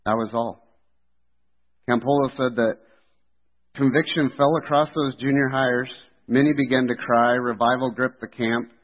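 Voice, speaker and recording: A man preaching a sermon in an earnest, steady delivery. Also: mid-range voice, a little slow, long pauses. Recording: tinny phone-like sound.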